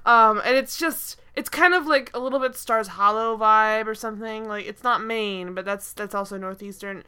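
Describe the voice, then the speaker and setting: A young woman co-hosting a podcast, recapping a TV episode in casual chat, animated and exasperated, laughing often with lots of fillers. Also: on the high side, moderate pace, clean tone. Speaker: podcast co-host.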